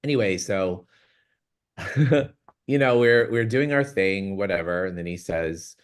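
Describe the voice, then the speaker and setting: A man's voice: low voice, fairly even intonation, unhurried, clean tone. A man hosting his own show, telling a personal story in a chatty, rambling way, laughing often and acting out what people said. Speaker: vlog host. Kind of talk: casual storytelling.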